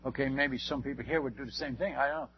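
An older man, a missionary preacher, telling stories in a sermon, animated and acting out the dialogue with frequent restarts. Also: mid-range voice, fast, slightly rough, highs cut off. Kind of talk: sermon storytelling.

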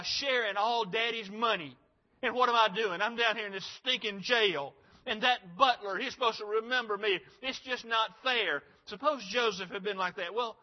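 A man with a high voice preaches earnestly to young people, asking rhetorical questions and pausing on "uh" fillers. The recording sounds dull and lo-fi.

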